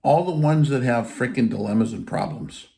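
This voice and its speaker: A man's voice: mid-range voice, moderate pace, gravelly, mellow. A man giving an informal spiritual teaching in a blunt, emphatic way, with casual swearing. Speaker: faith teacher.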